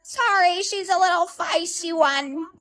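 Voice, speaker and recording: This is a text-to-speech woman voicing a sweet older neighbor lady who dotes on everyone and calls them honey and love. The voice sits very high and thin. It has the smooth, even delivery of a storytime narration. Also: a little slow. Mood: friendly. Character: kindly older woman neighbor, dog owner.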